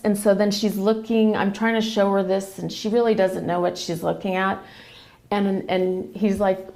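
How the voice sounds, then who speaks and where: A woman's voice: medium pitch, level tone, normal speed, gravelly, darkish tone. A woman telling an emotional personal family story as a podcast guest, retelling what others said. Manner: emotional, quotes others in a run of retold dialogue.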